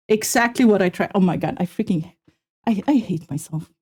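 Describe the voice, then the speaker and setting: A woman streamer chatting casually with her viewers while reacting to a video, animated and self-mocking, with a slight Swedish accent. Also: mid-range voice, normal speed, husky. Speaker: VTuber streamer.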